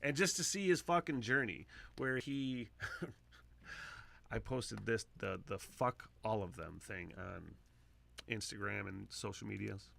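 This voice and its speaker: Bright-voiced, profane male podcast host. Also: slow pace, gravelly. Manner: profane, rambling, swings between loud excitement and low mutters. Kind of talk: casual solo podcast monologue. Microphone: close podcast microphone.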